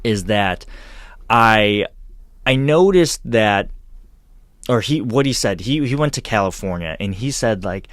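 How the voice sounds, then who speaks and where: Lower-voiced man telling rambling stories. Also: normal speed, no room sound, studio quality. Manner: animated, rambling storytelling with frequent restarts. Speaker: podcast host. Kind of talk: casual chat.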